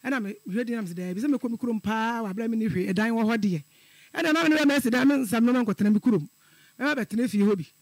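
Middle-aged man, radio caller, high voice, gravelly, dry close sound, earnest retelling. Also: quick pace, dry recording. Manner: earnest, repetitive storytelling. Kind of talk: telling a personal story on call-in radio.

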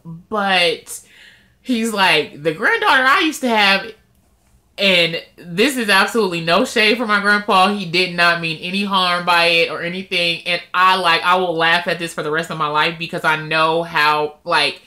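A woman vlogger with a fairly low voice talks at a moderate pace about her weight-loss progress. Casual and emotional, she speaks openly and expressively straight to her viewers.

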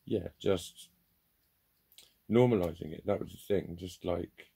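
At a measured pace, this man rambles through a candid vlog monologue in a very deep, gravelly voice that sounds dark and husky. He curses freely and keeps making self-deprecating jokes.

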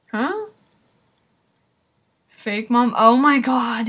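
A woman's voice: medium pitch, a little slow, pauses often, breathy edge. A woman giving casual reaction commentary to a video, exclaiming often and talking straight to her viewers. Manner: excitable, exclaims and talks to viewers.

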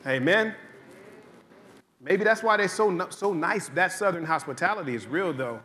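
Bright, high-voiced joking male pastor. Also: expressive, moderate pace, a little hiss or hum. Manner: conversational, joking storytelling with repetition. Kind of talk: sermon. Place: church sanctuary.

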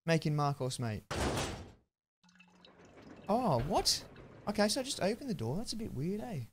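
A young man chatting through a live-streamed game, excitable and prone to yelling thanks at viewers. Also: high-pitched, moderate pace, noisy background. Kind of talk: live-stream gameplay commentary.

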